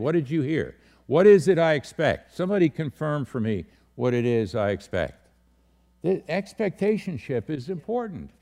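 A man's voice: mid-range voice, creaky, warm tone. A man, a pastor teaching a leadership session to a small group, direct and full of questions, repeating his key words. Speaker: pastor leading a leadership training.

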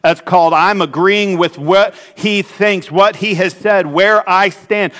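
A man preaching a sermon as pastor, with pauses and frequent restarts. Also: sits high, fairly bright tone, long reverb tail. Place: church sanctuary.

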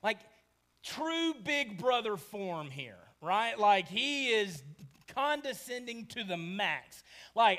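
Male pastor, very high pitch, dramatic sermon delivery with loud and quiet swings. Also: takes it slowly. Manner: animated, swings from shouting to hushed, acts out quotes.

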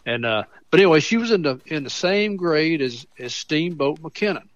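A man's voice: a little high, lively intonation, normal speed, dry recording. A man with a Middle Tennessee accent, calling in to a radio show as the regular storyteller, rambling and chuckling as he tells his tale. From Mount Pleasant, Tennessee. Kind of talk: folksy storytelling on the phone. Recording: dull phone line.

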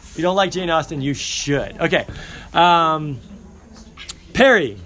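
A man's voice: fairly high pitch, animated, measured pace, pushed and bright. A man teaching a class, calling roll and chatting playfully with his students in a classroom.

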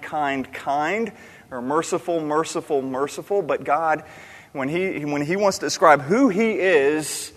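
A man's voice: on the high side, fairly bright tone. A man preaching a sermon in an earnest, questioning way, repeating key words for emphasis. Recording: long reverb of a large hall.

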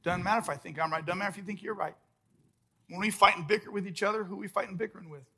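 A man preaching a sermon as pastor at a church service, emphatic, swinging between loud outbursts and hushed, soft lines. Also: high-pitched, very fast, slight background noise.

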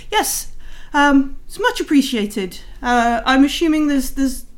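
A woman voicing a hurried, formal old nobleman. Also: high-pitched, expressive, voice pushed up.

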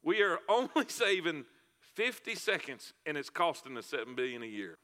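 Male pastor, high voice, folksy sermon storyteller, reverberant hall. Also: very animated, moderate pace, pushed and bright. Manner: folksy storytelling with repetitions and fillers. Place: church sanctuary.

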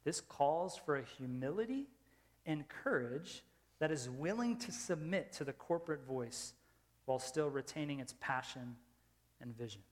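High-voiced pastor preaching in a reverberant hall. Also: male voice, animated, moderate pace. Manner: emphatic, swings from loud rising questions to soft low asides. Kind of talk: sermon. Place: church sanctuary. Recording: long reverb of a large hall.

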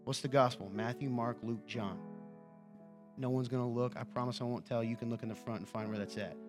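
A man's voice: medium pitch, fairly even intonation, a little fast, over music. A man preaching a conversational sermon as a pastor, joking and often asking his listeners "right?".

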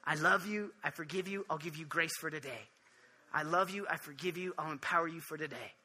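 A soft, tender God, as a man speaks for him. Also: fairly high pitch, breathy edge, pitched below the performer's own voice, heavily acted. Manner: soft and tender, slow repeated phrases. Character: gentle, loving God speaking softly.

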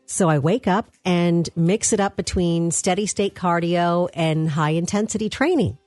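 Deadpan, joking radio co-host woman. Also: fairly low pitch, a little slow, no echo, soft background music. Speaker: radio morning show co-host. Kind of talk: casual radio banter.

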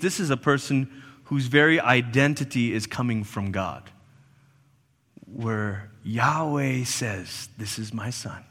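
A man preaching a sermon, telling the story in an animated way with playful asides. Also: high-pitched, big-room sound. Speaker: pastor.

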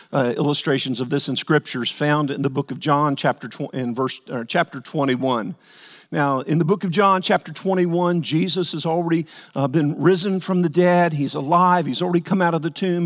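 A male pastor preaching a sermon earnestly, repeating words as he builds his points and acting out the quotes. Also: fairly high pitch. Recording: long hall reverb.

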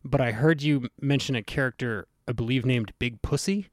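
A man hosting a podcast in casual chat, rambling and interrupting himself with lively asides. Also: medium pitch, normal speed, no room sound, clean studio sound. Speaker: podcast host.

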